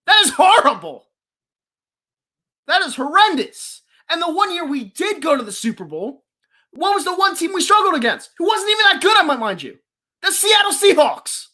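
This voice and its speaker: A young woman from the Philadelphia area hosts a live sports stream and rants at full passion. Her somewhat high voice leaps all over the place as she yells in exasperation. She sounds heated and worked up throughout. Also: very animated, moderate pace.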